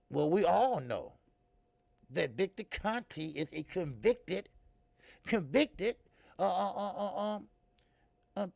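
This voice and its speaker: With a slightly high, somewhat mellow voice touched by vocal fry and no room sound, a middle-aged man from the American Midwest runs a casual live boxing stream. He's loose and profane, laughing, reading comments and speaking straight to viewers.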